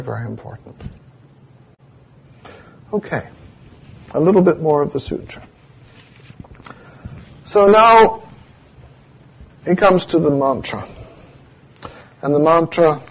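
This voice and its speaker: A man with a husky, slightly breathy voice gives a dharma talk. He teaches meditation through stories and slows down to spell out Sanskrit chant words for his listeners. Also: medium pitch.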